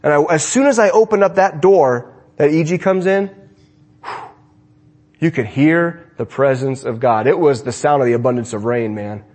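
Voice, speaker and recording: Husky man preaching with animated swings. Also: a little high, moderate pace. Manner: animated preaching, swinging between emphatic and hushed. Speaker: pastor. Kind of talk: sermon. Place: church sanctuary.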